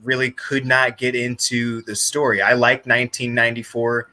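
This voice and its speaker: A man in a casual movie review chat, animated and mocking, breaking into sarcastic impressions. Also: medium pitch, moderate pace. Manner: animated, mocking, mimics accents. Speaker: podcast guest.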